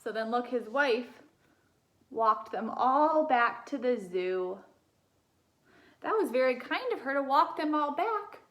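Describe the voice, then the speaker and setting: A young woman reading a children's picture book aloud as a teacher, gentle and animated, pausing to ask her listeners questions. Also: high voice.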